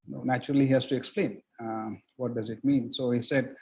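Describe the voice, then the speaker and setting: A man's voice: medium pitch, level tone, normal speed, mellow, dull audio. A man giving an earnest, explanatory motivational lecture to students as a guest speaker, with a story woven in. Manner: earnest, explanatory, tells anecdotes.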